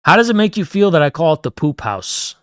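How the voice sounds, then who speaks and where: A man's voice: fairly high pitch, big pitch swings, brisk, a bit bright, smooth, no room sound, clean studio sound. A man hosting a livestream, ranting casually with heavy swearing and mock-grandiose taunts. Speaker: livestream host. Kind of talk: casual streaming rant.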